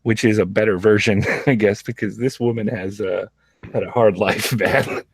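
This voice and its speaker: A man's voice: lowish voice, fairly even intonation, normal speed, breathy edge, no room sound. A man hosting a casual podcast chat, rambling with restarts and frequent laughs. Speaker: show host.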